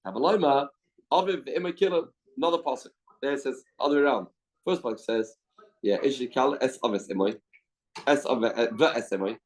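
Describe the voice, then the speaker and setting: In a study hall, a rabbi teaches a Talmud class, reasoning aloud and repeating his key questions. His voice is mid-range and brisk, and the audio quality is poor.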